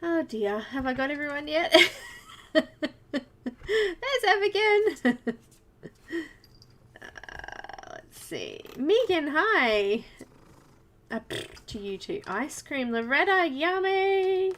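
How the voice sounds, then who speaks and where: A woman's voice: sits high, sing-song, extremely slow, long pauses, fairly bright tone. A woman with an Australian accent hosting a casual live coloring stream, chatty and giggly, greeting viewers one by one by name.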